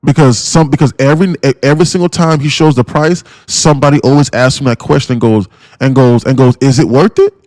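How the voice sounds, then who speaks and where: A man hosting a trading live stream, lecturing his viewers in a blunt, pushy rant full of profanity and repeated phrases. His voice sits at an ordinary pitch. The sound is dry and close, with no room echo. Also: fairly even intonation, fairly quick, darkish tone. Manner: addresses viewers as guys and bro. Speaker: day-trading streamer and mentor.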